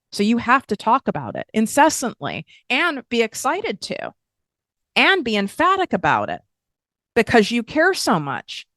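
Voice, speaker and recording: A woman hosting a podcast and coaching listeners on online business in a blunt, casual, animated way with frequent swearing. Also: medium pitch, no echo, studio quality. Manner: blunt, swears freely, animated with emphatic asides.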